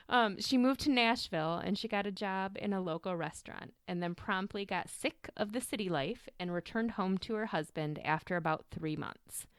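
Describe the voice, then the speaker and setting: A woman's voice: medium pitch, smooth, no echo, studio quality. A young adult woman hosting a podcast, telling a true crime story in a casual, chatty way, swearing and wandering off on tangents. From Michigan. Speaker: podcast host.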